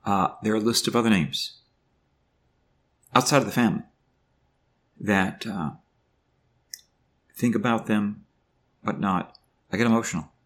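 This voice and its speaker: An older man talking to the camera in a personal video diary, halting and emotional, with many fillers and restarts. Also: on the low side, fairly bright tone. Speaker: vlogger.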